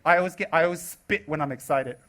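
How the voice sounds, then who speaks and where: Brief: American man in his forties, high-pitched, teaching dharma with sharp sarcastic teasing. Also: fast talker. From United States. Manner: teasing, sarcastic, animated delivery. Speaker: Buddhist teacher. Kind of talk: live dharma talk.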